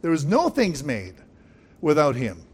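A man's voice: on the high side, huge pitch swings, a little slow, husky. A man preaching a sermon, emphatic, with frequent calls of "Amen?" and chuckling asides. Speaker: pastor.

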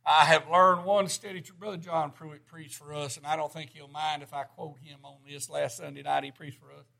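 A man's voice: a little high, level tone, moderate pace, vocal fry, bright, forceful tone. A middle-aged man preaching a sermon, folksy and plainspoken, rising to emphatic bursts.

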